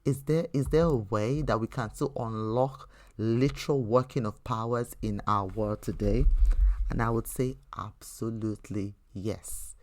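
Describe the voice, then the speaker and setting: A woman's voice: extremely low pitch, unhurried, a little mellow. A woman hosting a faith teaching podcast who talks earnestly and conversationally, telling personal stories with frequent restarts. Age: adult. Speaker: podcast host.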